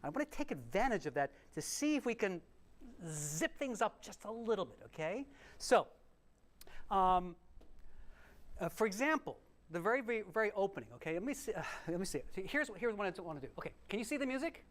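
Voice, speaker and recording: A man teaching a remote piano masterclass, encouraging and animated, with quick restarts and sung rhythms. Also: high-pitched. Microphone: remote livestream mic.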